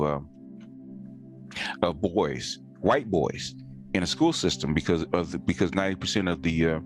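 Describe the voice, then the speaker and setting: A man in casual conversation, talking emphatically and insistently, circling back to stress his points. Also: low voice. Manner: emphatic, insistent, leans on repeated words.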